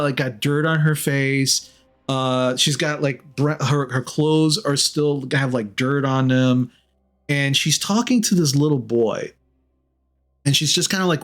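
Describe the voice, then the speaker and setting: A man narrating as game master of a tabletop game, rambling and using lots of fillers. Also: a little high. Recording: faint music behind.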